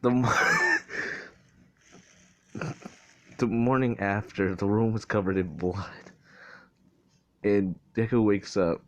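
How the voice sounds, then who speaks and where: A man's voice: on the low side, wildly swooping pitch, takes it slowly, pauses often, a bit bright. A young man casually improvising a fan-fiction story, rambling, swearing a lot and constantly correcting himself. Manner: rambling, profane, self-correcting.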